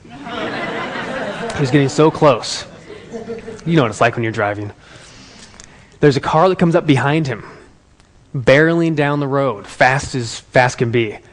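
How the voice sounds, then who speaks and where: A man telling a story to an audience as a motivational speaker, in an animated, conversational way. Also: medium pitch. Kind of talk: storytelling talk.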